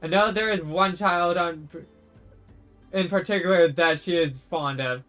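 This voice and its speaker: A man's voice: high voice, unhurried, fairly bright tone, soft background music. A man reading out a troubled adult knight in a fantasy game, using archaic formal speech.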